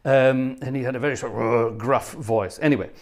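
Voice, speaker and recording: A man's voice: mid-range voice, steady tone, fairly quick, a little mellow. A man hosting a livestream, telling anecdotes in a chatty, self-deprecating way between pieces of music. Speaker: livestream host and organist. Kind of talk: casual chat.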